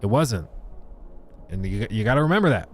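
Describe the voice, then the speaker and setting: A man's voice: on the low side, a little fast. A man hosting a casual livestream, ranting about games and answering chat. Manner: ranting, animated, reads chat aloud. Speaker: livestream host. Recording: faint music behind.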